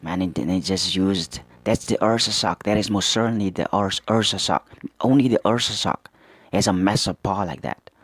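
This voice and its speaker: A man hosting a manga reaction, reading character lines aloud and commenting with excited asides. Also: deep voice, moderate pace, slightly rough, no echo.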